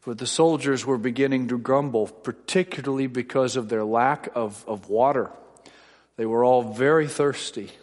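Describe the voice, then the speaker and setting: Folksy preacher in a reverberant hall. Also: male voice, medium pitch, moderate pace, darkish tone. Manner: folksy, wry storytelling with frequent restarts. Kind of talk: sermon with personal anecdotes.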